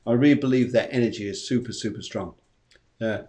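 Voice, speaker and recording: A man's voice: on the low side, a little fast, a little mellow. A man, a psychic medium, hosting a live-stream show in a chatty, jokey, rambling way. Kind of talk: live-stream reading chat.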